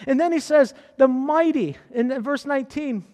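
High-voiced preaching pastor, hall reverb. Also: male voice, normal speed, few pauses. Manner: preaching with rising excitement and exhortations. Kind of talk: sermon.

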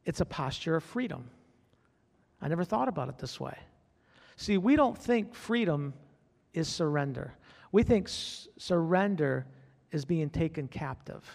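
A man's voice: fairly high pitch, animated, unhurried, vocal fry, a little mellow, big-room sound. A man preaching a sermon as pastor, fervent, repeating his phrases and calling out to the congregation.

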